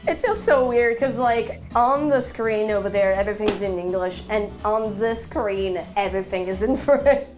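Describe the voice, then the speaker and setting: A woman's voice: mid-range voice, moderate pace, few pauses, over music. A woman chatting playfully on a cooking stream, teasing and laughing often. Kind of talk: casual cooking stream chat.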